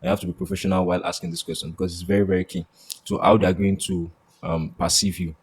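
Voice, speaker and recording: A man's voice: low-pitched, fairly even intonation, quick pace, slightly rough. A man teaching a sales lesson, often asking "do you understand?" and acting out sample lines. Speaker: sales course instructor.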